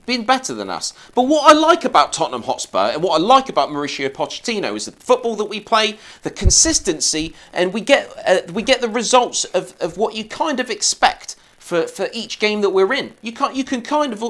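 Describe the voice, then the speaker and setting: A man's voice: sits high, sing-song, a little fast, hardly any pauses, bright, forceful tone. A man co-hosting a casual football podcast, chatty and rambling. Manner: chatty, rambling with car analogies. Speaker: podcast co-host.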